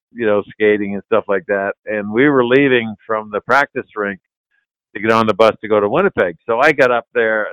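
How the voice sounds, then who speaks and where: A man's voice: on the low side, smooth, dry recording, low-quality recording. Older man telling a locker-room story. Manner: relaxed, laughs while telling anecdotes, swears casually. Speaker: guest, retired hockey player. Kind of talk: casual storytelling.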